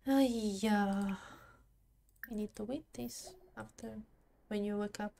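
Slow-talking woman chatting over a game. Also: medium pitch, steady tone, creaky, dark tone, a little hiss or hum. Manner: talks to her game character, laughs a lot. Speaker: gaming channel host. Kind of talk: casual gameplay commentary.

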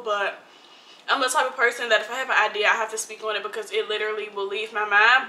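Recorded on a phone in her home kitchen, this talkative young woman cooks, eats, and jokes around with her audience in a relaxed vlog. She has a fairly high, sharp voice. The room echoes, a faint hiss or hum runs underneath, and the recording is low quality.

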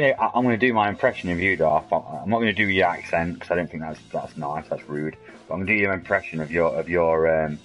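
This is a man in his forties with a very deep, low voice. He chats to his stream's viewers in a loose, rambling, matey way while he plays. Soft music sits faintly behind him. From England. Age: 40s. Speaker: game streamer. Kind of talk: casual live-stream chat.

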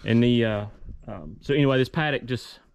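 Outdoors, a farm vlogger talks casually, relaxed and rambling with lots of fillers. His voice is mid-range and a little fast.

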